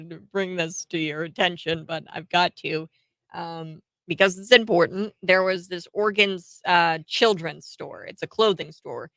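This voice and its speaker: A woman's voice: fairly low pitch, sharp tone, dry recording, poor audio. A woman hosting a commentary show, talking in a chatty, sarcastic way with many filler words and short laughs. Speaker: host. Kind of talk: political commentary.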